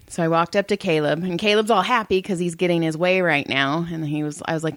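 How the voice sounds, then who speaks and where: A middle-aged woman co-hosts a podcast, casually telling blunt, profane family stories and acting out what everyone said. Her voice is low and gravelly, she talks fast with few pauses, and there's no room sound.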